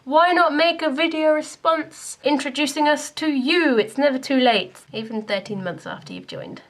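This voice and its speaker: A woman's voice: sits high, moderate pace. A young woman from Scotland, talking to camera in a chatty, self-deprecating vlog. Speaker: YouTuber.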